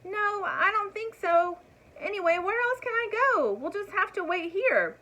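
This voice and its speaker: A woman voicing a gentle, easily frightened young male dragon in a storybook reading, with a high, breathless, pleading delivery. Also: animated, a little slow, full character voice, low-quality recording. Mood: cheerful.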